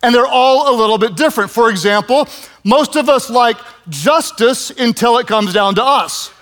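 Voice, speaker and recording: A man in his fifties preaching a sermon, telling stories with lively, self-mocking humor. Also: very high voice, normal speed. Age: 50s. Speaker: pastor.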